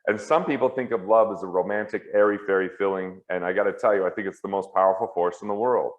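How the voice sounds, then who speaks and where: A man as an interview guest at home, talking earnestly and candidly in quick heartfelt bursts. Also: fairly low pitch, fairly even intonation. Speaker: guest, financial author and comedian. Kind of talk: earnest reflective conversation. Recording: roomy, slightly dull sound.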